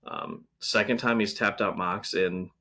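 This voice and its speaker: Low-voiced man chatting wrestling casually. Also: fairly even intonation, unhurried, sharp tone. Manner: rambling, frequent ums and restarts. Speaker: podcast co-host. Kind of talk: casual wrestling review chat.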